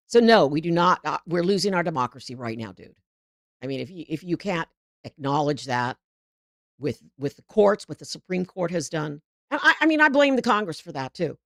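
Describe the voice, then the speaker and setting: A woman's voice: low voice, sing-song, a little fast, no room sound, studio quality. Heated, rambling woman host. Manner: heated, rambling, frequent restarts. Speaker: political show host. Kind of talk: live political commentary.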